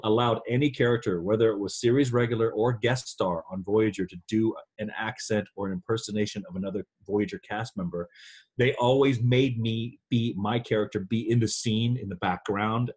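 A man's voice: on the low side, husky. A man being interviewed over a video call, chatting casually and animatedly with frequent laughs. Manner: animated, laughs often, quick asides. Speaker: actor guest.

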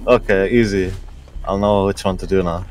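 A man's voice: sits low, steady tone, normal speed, background noise. A man giving running gameplay commentary, talking to himself and swearing as he plays. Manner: swears often, talks to himself while playing. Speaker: gamer.

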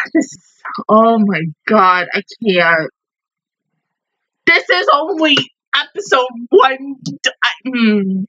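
A young woman talks through her reaction to an anime episode. Her voice is bright and sits fairly high, and her pitch swings widely as she exclaims, swears and laughs through her casual commentary. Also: very animated, slow, pauses often, muffled recording.

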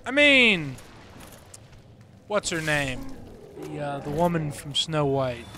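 A man's voice: fairly high pitch, big pitch swings, takes it slowly, bright, forceful tone, a little hiss or hum. A man with an Appalachian accent co-hosting a let's play, joking provocatively and stubbornly holding his ground. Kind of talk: casual gaming commentary chat.

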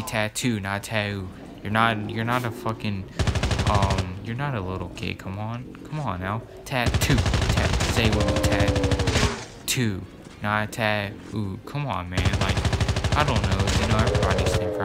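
Low gravelly male gamer rambling. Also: steady tone, normal speed, over loud music. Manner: rambling, repeats words, many fillers. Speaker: gaming YouTuber. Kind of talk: casual gameplay commentary. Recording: loud gameplay gunfire underneath. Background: loud game gunfire.

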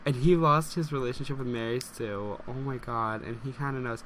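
A young man giving casual let's play commentary, excitable and gasping as he reacts and talks to his viewers. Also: mid-range voice, a little fast, slight background noise. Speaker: gameplay commentator.

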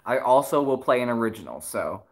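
A livestream host and musician chatting casually with viewers, giggling often and rambling excitedly between songs. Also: mid-range voice, fairly quick.

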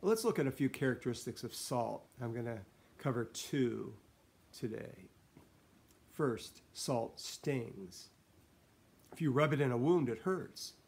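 A middle-aged pastor delivers a devotional talk in an earnest, steady voice of middling pitch. He reads scripture passages aloud and pauses now and then to clear his throat.

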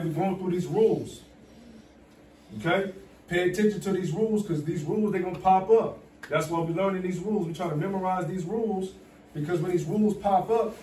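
A man teaching a class, his voice sitting a bit high as he hammers the same rules again and again. He calls for the students to repeat after him in a patient, insistent rhythm. The recording is distant and echoey, with a faint hum of the room behind. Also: a little mellow. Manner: repetitive, coaxing call-and-response teaching. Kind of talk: classroom Arabic pronunciation drill.

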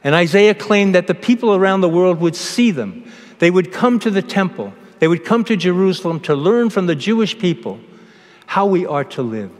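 Male priest, fairly high voice, measured homily delivery, long church echo. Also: animated. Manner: measured preaching with pauses and restarts.

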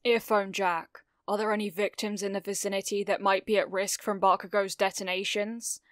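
Lady reading as a stern hero teacher guy, grave and clipped, smooth clear voice, dry close sound, storybook reading. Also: medium pitch, flat delivery, moderate pace, no room sound, lightly acted.

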